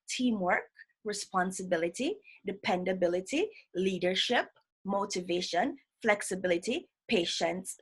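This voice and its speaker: A woman's voice: medium pitch, fairly bright tone, breathy edge. A woman presenting an educational session, explaining ideas step by step and checking in with "right?". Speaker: workshop presenter.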